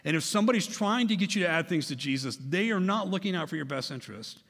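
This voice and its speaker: Man, pastor, casual emphatic sermon, slightly high voice, long reverb of a church hall. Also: expressive, fast, creaky, a bit bright. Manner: emphatic and conversational, with repetitions.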